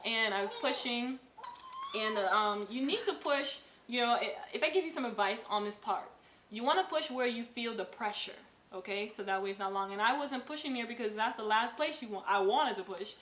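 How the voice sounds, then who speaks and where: Brief: young woman, bright and slightly high voice, halting earnest storytelling, echoey room. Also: lively intonation. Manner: earnest, halting, with frequent fillers. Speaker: co-host, new mother. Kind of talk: casual personal storytelling. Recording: echoey room with faint noise.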